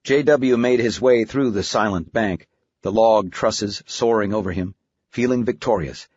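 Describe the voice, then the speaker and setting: Low husky guy reading a novel aloud, steady pace, dry slightly muffled recording. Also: unhurried, no room sound. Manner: even, steady storytelling. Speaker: audiobook narrator. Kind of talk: scripted narration. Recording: dry, slightly dull studio audio.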